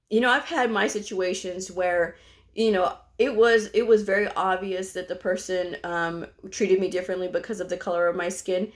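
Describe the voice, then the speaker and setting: A middle-aged woman from Texas who vlogs about medical coding tells a personal story to the camera, her voice on the low side. She's chatty, filling her speech with "you know" and other small fillers.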